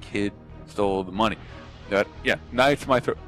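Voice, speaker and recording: A man's voice: lowish voice, normal speed, soft background music. A young man from Florida telling a rambling story on a podcast, swearing a lot and acting out what people said. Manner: animated, rambling, swears a lot, acts out quotes.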